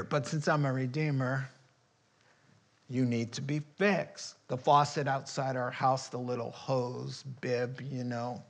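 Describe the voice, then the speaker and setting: A pastor preaching a conversational sermon, chuckling often and breaking into loud emphatic bursts. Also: male voice, medium pitch, flat delivery, unhurried.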